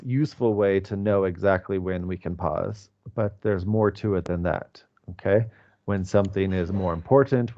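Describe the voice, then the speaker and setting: Man, 40s, low voice, patient teacher, fillers, dull lo-fi video call sound. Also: darkish tone. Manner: patient, explanatory, many fillers. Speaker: English teacher. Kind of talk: online class teaching.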